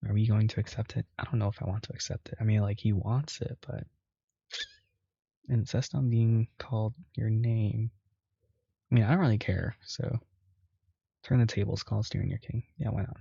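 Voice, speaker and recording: A man's voice: on the low side, steady tone, moderate pace, vocal fry, pauses often, mellow, husky, dry recording, muffled recording. A man casually reading a visual novel aloud, reacting and swearing as he plays. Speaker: let's play host.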